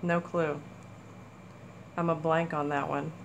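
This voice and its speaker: A woman hosting a casual crafting haul video, gushing with excitement over small items. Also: sits low, slow pace, creaky, a little hiss or hum, rough recording. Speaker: crafting channel host. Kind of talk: casual haul chat to camera.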